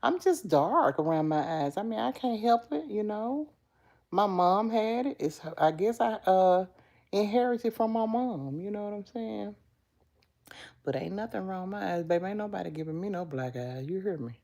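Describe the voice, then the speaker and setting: A woman's voice: mid-range voice, lively intonation, moderate pace, gravelly, mellow. A middle-aged woman hosting a casual live stream, talking straight to viewers and answering chat comments. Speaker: livestream host.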